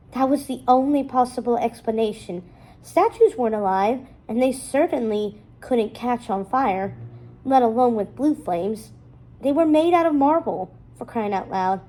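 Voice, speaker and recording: A woman with a higher, mellow voice reads a children's chapter book aloud. She narrates expressively, lifting and dropping her voice for the story. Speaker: storybook reader. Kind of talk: children's novel read-aloud.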